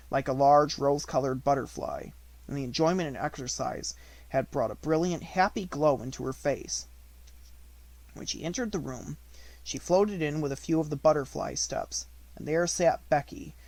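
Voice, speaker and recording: A man reading a classic novel aloud as an audiobook, with measured, expressive storytelling. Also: fairly high pitch, dry recording. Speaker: audiobook reader.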